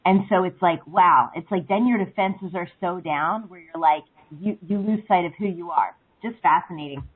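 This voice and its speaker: A woman calling into a talk show over the phone. She rambles through her thoughts, filling them with "like" and "um". Her voice is a bit husky and comes through thin and narrow. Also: lowish voice, moderate pace. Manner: rambling, full of "like" and "um". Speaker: caller. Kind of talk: casual phone-in chat. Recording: phone line.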